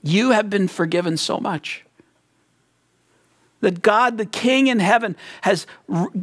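A man's voice: high voice, slow, a bit bright. A man preaching a sermon as a pastor, retelling a parable in an earnest storytelling manner. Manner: earnest storytelling preacher, acts out quoted voices.

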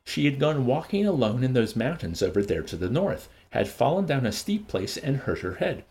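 A man hosting a show and reading a novel aloud in an expressive, varied voice. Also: mid-range voice, normal speed.

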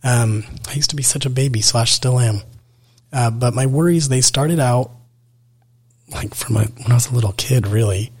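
A man's voice: medium pitch, normal speed, darkish tone, slightly rough. A man in his twenties hosting his own podcast, talking casually and rambling with many fillers while poking fun at himself. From Utah. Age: 20s. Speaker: podcast host. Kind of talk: casual solo podcast talk. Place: indoors at night.

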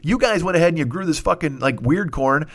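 A man's voice: on the high side, expressive, brisk. A man hosting a comedy show, riffing through a profane, improvised rant and slipping into silly voices. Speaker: comedy podcast host.

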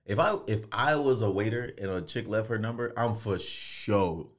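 A man's voice: fairly low pitch, animated, normal speed. A man chatting casually as a podcast co-host, slangy and laid-back, acting out his own stories. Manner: laid-back storyteller, slangy, acts out his own drive-thru orders. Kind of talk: casual chat.

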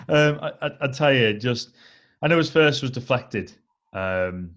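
A man co-hosts a relaxed football podcast, setting out his views in a measured, analytical way and often pausing on "um". His voice sits at a middle pitch. The audio is a little dull and lo-fi. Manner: measured, analytical, leans on "I think" and "um". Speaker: podcast co-host. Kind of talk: casual football chat.

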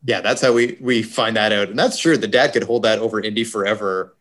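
Homem de voz grave, papo descontraído. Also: male voice, lowish voice, a bit bright. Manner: jokey, does quick impressions. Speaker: podcast co-host. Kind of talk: casual movie review chat.

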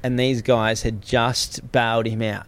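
Animated Australian man telling a story. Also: mid-range voice, unhurried. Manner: animated, swears freely, acts out the people in his story. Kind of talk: casual storytelling on a podcast.

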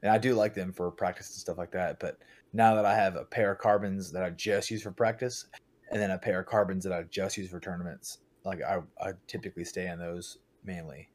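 A young man in casual podcast chat, blunt and profane, telling animated stories about his team. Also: sits low, fairly quick. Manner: blunt, swears a lot, animated storytelling. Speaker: podcast guest, paintball team captain.

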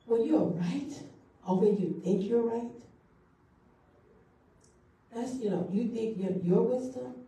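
A woman's voice: fairly high pitch, slow pace, long pauses, dark tone. A woman pastor preaching a sermon, repeating key phrases for emphasis. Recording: echoey hall from far off.

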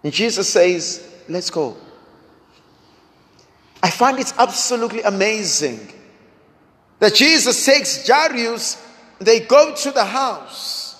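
Slow, high-voiced preacher in a reverberant hall. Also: male voice, lively intonation, a bit bright. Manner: slow, dramatic delivery with repeated rhetorical questions. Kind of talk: sermon.

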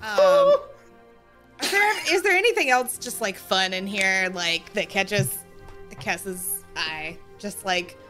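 Lively, giggly woman player. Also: medium pitch, slow, soft background music, poor audio. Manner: excited, giggly, animated. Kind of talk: playing a tabletop game.

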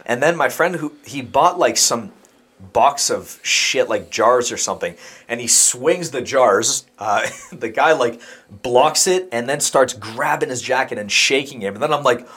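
A man's voice: medium pitch, lively intonation, measured pace, a bit bright, slightly rough. A young man and podcast co-host telling a rambling story in casual chat, laughing and acting out what people said. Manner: rambling, laughing, acts out quoted lines.

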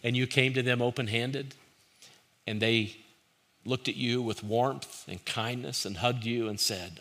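Bright-voiced man preaching earnestly. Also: mid-range voice, fairly even intonation, measured pace. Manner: earnest, rising to forceful emphasis, dropping to hushed pleading in quotes. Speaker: pastor. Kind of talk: sermon.

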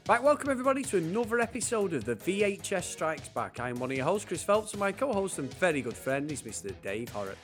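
A man's voice: sits high, sing-song, quick pace, few pauses, fairly bright tone, faint music behind. Jokey man co-hosting a podcast. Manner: jokey, swearing, laughs often. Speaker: podcast co-host. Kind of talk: casual chat.

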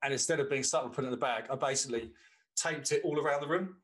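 Racing along in a mid-range, slightly bright voice, a man co-hosts a podcast. He tells long, rambling anecdotes in casual chat and swears freely.

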